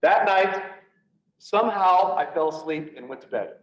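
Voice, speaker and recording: A man with a fairly high voice tells his own story to an audience in an earnest, halting way, often restarting his sentences. He sounds distant from the mic. The room echoes around him, and the recording is dull. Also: lively intonation. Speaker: public speaker on PTSD. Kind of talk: personal storytelling talk. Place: event room, speaking to an audience.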